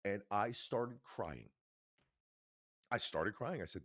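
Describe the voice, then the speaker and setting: A man's voice: lowish voice, animated, takes it slowly, a bit bright, dry recording, clean studio sound. A man co-hosting a podcast, telling a personal story in a casual, emphatic way and swearing now and then. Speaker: podcast co-host.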